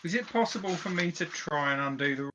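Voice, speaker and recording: A man's voice: fairly high pitch, expressive, fairly quick, crowd noise. A British man playing a tabletop game over a voice call, tentative and unsure of the rules. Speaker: player.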